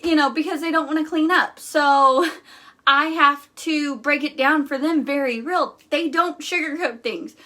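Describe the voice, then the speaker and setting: Bright, high-voiced blunt woman chatting. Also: measured pace. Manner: blunt, candid, chatty with frequent fillers. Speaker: live-stream host. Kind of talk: casual live-stream pep talk.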